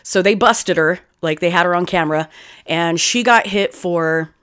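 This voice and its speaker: A young woman chatting casually as a podcast co-host, telling stories in a profane, animated way. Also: fairly low pitch, moderate pace, clear, resonant tone. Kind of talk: casual chat.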